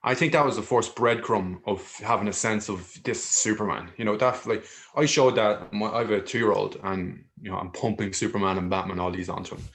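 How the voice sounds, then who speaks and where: A man's voice: on the low side, steady tone, a little fast, hardly any pauses, fairly bright tone. A young man co-hosting a casual film podcast, enthusiastic and peppering his talk with "you know". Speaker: podcast co-host. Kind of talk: casual chat over video call.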